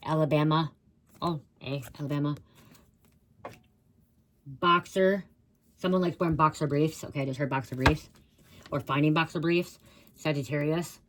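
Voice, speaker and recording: A woman's voice: sits low, fairly even intonation, moderate pace, pauses often, slight background noise. A woman giving a rambling channeled psychic reading, blurting out words she hears and swearing casually. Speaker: psychic reader.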